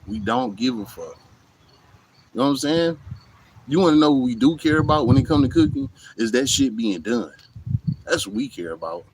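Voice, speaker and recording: A man's voice: mid-range voice, slight background noise, poor audio. Blunt, profane man talking outdoors. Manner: blunt, profane, repeats "you know what I'm saying". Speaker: vlogger. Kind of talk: casual monologue to camera. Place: outdoors in hot weather.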